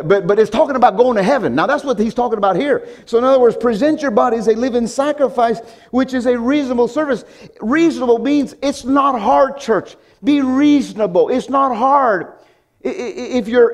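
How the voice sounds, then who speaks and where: A man's voice: high-pitched, a little mellow. A pastor preaching a sermon to his congregation, emphatic, with frequent restarts, chuckles and calls of "come on, church". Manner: emphatic preaching with repeated call-outs to the congregation.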